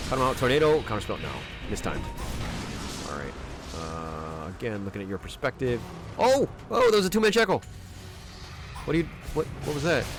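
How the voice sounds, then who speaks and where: A man coaching a player through a game replay, exclaiming and repeating urgent commands as he talks. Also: medium pitch. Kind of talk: replay analysis commentary. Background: music.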